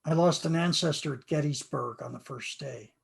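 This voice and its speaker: A man's voice: fairly high pitch, normal speed, vocal fry, slightly rough. An older American man, a game author, giving an earnest, reflective interview and often repeating himself. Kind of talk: conversational interview.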